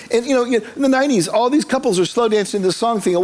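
A man's voice: sits high, big pitch swings, fast talker, few pauses, darkish tone, a little hiss or hum. A man, preaching a sermon to a congregation in a church, in a conversational style with humorous asides. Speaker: pastor.

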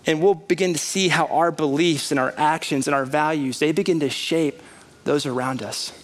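This pastor, a man in his thirties, speaks at a moderate pace in a slightly high voice. He delivers his sermon in a church sanctuary in an animated, conversational way, building emphasis as he goes.

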